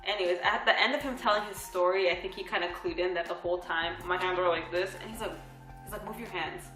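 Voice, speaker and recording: A young woman in her twenties chats to the camera with a bright, lively voice, laughing often and acting out the lines of others as she tells a story. The room is echoey and faint music plays underneath. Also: on the low side, quick pace. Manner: bubbly, laughs often, acts out quoted dialogue. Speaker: vlog co-host.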